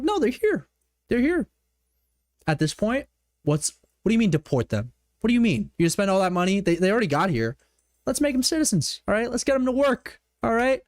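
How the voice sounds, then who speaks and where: A man's voice: very high voice, dry recording. Male streamer from Canada, casual reaction commentary, profane and mocking, swinging range, dry sound.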